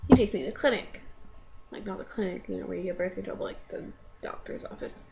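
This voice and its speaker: In a very noisy recording, a young woman with a gravelly, medium-pitched voice rapidly tells a casual personal story to camera. She rambles, leans heavily on fillers, and breaks into tearful laughing fits when quoting.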